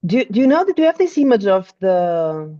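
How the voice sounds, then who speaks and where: A woman's voice: medium pitch, very animated, normal speed, warm tone. Portuguese-accented woman explaining tours, muffled. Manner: hesitant, many restarts and fillers. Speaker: tour guide. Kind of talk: casual interview chat.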